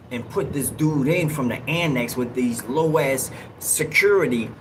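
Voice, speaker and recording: A man hosting a livestream, telling a story in a casual, slangy, animated way and acting out what people said. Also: fairly high pitch, background noise. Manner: animated, slangy, acts out quotes in raised yells. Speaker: livestream host.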